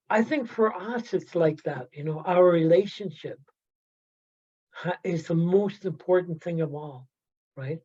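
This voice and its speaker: A man from the Yukon telling personal stories in a halting way, often asking "right?" and adding "you know" as he goes. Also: high-pitched, darkish tone. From Yukon, Canada. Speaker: workshop storyteller. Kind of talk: personal storytelling talk. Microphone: video call. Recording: slightly dull video-call audio.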